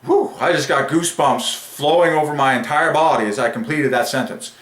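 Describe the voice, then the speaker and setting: Man, solo religious monologue, excitable, emphatic, drawn-out phrases, mid pitch, roomy echo. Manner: emphatic and excitable, drawing out key phrases slowly. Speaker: religious channel host.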